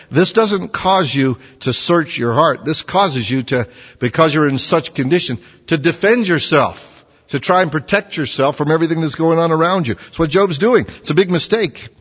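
Preacher asking rhetorical questions. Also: male voice, fairly high pitch, moderate pace, breathy edge. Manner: conversational, rhetorical questions, animated. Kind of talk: sermon. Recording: dull sound with long hall reverb.

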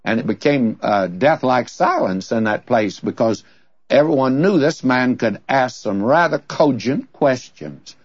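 A man's voice: mid-range voice, expressive, measured pace, dry recording. A man teaching from the Bible in a conversational sermon, telling stories in a folksy way and asking rhetorical questions. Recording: dull, dry lo-fi recording.

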